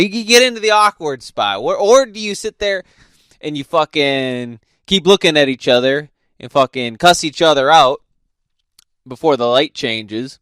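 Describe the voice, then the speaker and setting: A man telling a casual story in a profane, laughing, animated way. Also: medium pitch, clear, resonant tone, dry recording, studio quality. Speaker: host.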